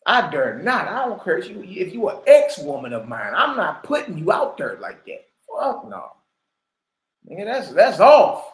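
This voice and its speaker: An online commentator and religious teacher with a notably high voice and huge pitch swings holds forth in slang at a moderate pace. He hammers points home with rhetorical questions, and his casual commentary drifts into a preacher's delivery, all in a roomy, echoing space.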